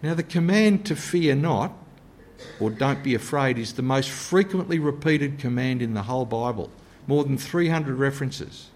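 A man preaching a sermon in an earnest way, sometimes dropping to a soft, low voice to stress a point. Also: moderate pace.

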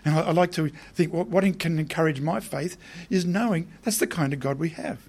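A man's voice: a little high, fairly quick, darkish tone, husky. A man preaching a sermon in a conversational way, often putting questions to his listeners.

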